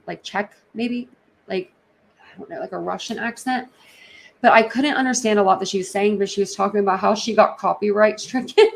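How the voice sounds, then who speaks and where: A woman hosting a casual livestream, talking in a rambling way with lots of fillers and quick laughs. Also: mid-range voice, creaky. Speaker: livestream host.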